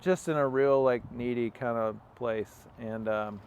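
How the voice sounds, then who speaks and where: A man's voice: mid-range voice, fairly even intonation, a little slow, a little mellow, muffled recording, slight background noise. Rambling young man telling a road story. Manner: rambling, many fillers and quoted dialogue. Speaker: interview guest. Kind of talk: casual storytelling. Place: outdoors on a farm.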